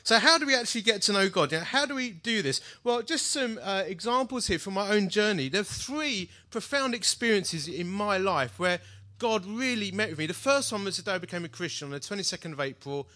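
A man preaches to an audience in a big hall. His voice sits high and sounds bright, and it swings widely in pitch as he tells his story with animated energy. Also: a little fast. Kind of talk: sermon with personal testimony. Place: large hall before an audience.

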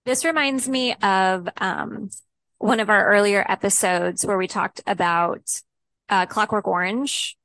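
A woman co-hosting a podcast, excitable and exclaiming, peppering casual talk with 'like'. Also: mid-range voice, measured pace, dry recording. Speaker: podcast co-host.

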